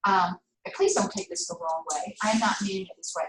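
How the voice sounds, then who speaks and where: A woman's voice: mid-range voice, sing-song, fairly quick, noisy background. An older woman with a Southern US accent lecturing a class in a chatty, digressive way, laughing often. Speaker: teacher. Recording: roomy, distant classroom mic.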